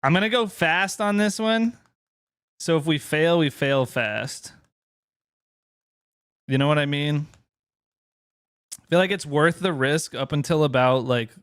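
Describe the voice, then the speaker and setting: A man's voice: fairly high pitch, a little slow, long pauses, fairly bright tone, clean tone. Laid-back young male streamer chatting. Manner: laid-back, chatty, talks to his chat, mild swearing. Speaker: live streamer. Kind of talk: casual live-stream chat.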